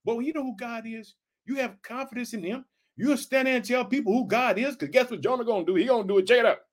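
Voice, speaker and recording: A man's voice: extremely high pitch, fast talker. A man giving a casual sermon in a conversational way, repeatedly calling out short prompts to his listeners. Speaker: Bible teacher.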